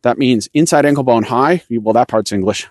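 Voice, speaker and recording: A man's voice: mid-range voice, moderate pace, a little mellow, dry recording. A man hosting a cycling coaching podcast, explaining technique in a loose, self-correcting way while walking a rocky trail outdoors. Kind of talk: instructional podcast monologue.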